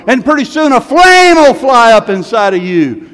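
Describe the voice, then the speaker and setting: A man preaches with fervor, his voice sitting high and pushing into shouted peaks. A long reverb trails each phrase through the church hall. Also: sing-song, normal speed. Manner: fervent, rising to shouted peaks, folksy repeats of "man". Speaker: pastor. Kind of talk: sermon.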